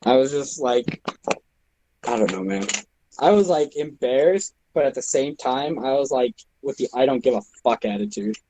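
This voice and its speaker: A man's voice: medium pitch, lively intonation, normal speed, warm tone, a little hiss or hum, rough recording. A teenage boy co-hosting a stream, telling a rambling story with swearing and laughs. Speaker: stream co-host. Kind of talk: casual storytelling chat.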